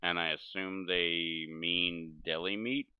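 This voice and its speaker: A man's voice: sits low, steady tone, slow pace, clean tone, dry recording, highs cut off. A man ranting casually and profanely while gaming, exasperated and swearing constantly. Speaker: gaming streamer.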